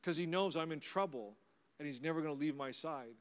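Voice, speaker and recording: The voice is a man's, a little high and a little fast: a middle-aged pastor delivering a storytelling sermon. He relates personal anecdotes conversationally with warm humor, and the sound has the long reverb of a big hall.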